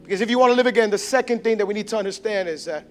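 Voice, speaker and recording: Male pastor, very high voice, fervent delivery that climbs to shouts and drops to near-whispers, soft music underneath. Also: rapid-fire. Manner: impassioned preaching that swings from shouts to hushed tones. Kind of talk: sermon.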